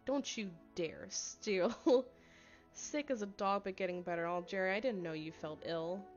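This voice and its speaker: A woman's voice: mid-range voice, measured pace. A woman plays through a story game on stream, reading narration aloud and breaking off for wry, joking remarks and chat messages. Her audio is a bit dull and lo-fi, with faint music running underneath. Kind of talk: casual commentary with reading aloud.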